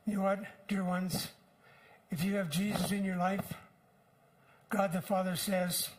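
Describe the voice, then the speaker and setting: An older man preaching a sermon in an earnest, unhurried way, with frequent pauses. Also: sits high, fairly even intonation, poor audio. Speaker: pastor.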